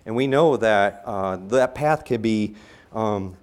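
Man telling a rambling, lively church story. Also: on the low side, slow, clean tone. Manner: rambling, many fillers and restarts; lively storytelling that rises in excitement. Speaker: church speaker. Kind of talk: storytelling talk before a scripture.

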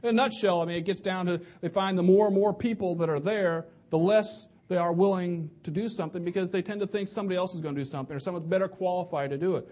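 Man, fairly high-pitched, evening sermon, conversational, repeats himself. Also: fast, hardly any pauses, a little mellow. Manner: conversational, restarts and repeats words. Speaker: preacher.

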